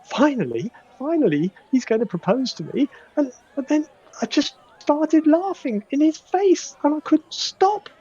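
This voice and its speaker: A small, weepy halfling woman pleads through tears in a high, breathy falsetto, as a man puts her on. Her voice rises and quavers. The sound is dull and lo-fi, like a home tabletop recording. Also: warm tone, exaggerated voice. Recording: dull lo-fi audio.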